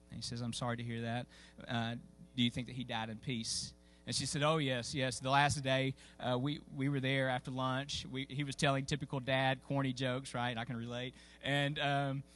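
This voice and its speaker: In a church sanctuary, a pastor with a mid-range, fairly bright voice tells a story as part of his sermon. The telling is folksy and conversational, with lots of fillers and false starts.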